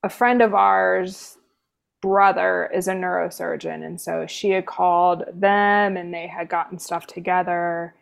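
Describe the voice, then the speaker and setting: Gravelly-voiced woman telling a dry story. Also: lowish voice, fairly even intonation, a little slow. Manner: sarcastic, dry humor; chatty, many fillers like "like". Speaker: interview guest, nurse. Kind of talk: casual personal storytelling.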